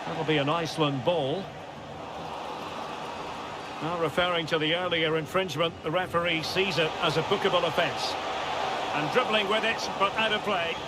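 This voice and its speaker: A man doing play-by-play football commentary for a video game, with measured calls that build to excited shouts. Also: on the high side, heavy background noise. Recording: loud crowd and game sound under the voice.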